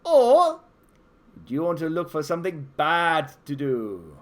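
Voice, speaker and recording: A man's voice: on the high side, a little slow. A man running a live tabletop adventure game for kids, narrating scenes and offering the players choices. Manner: animated storytelling, offering choices. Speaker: game master.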